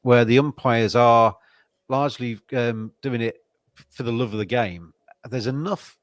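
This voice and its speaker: A man's voice: mid-range voice, a little slow, no echo, clean studio sound. A man from England hosting a podcast interview, chatting casually and rambling with many fillers and restarts. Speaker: podcast host.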